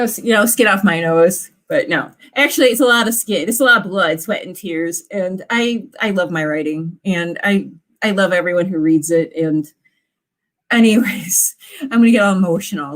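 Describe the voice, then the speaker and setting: A woman's voice: fairly low pitch, fairly quick, a bit bright. A woman, an author hosting live writing sprints and chatting casually with viewers in a bubbly, gushing way. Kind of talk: casual livestream chat.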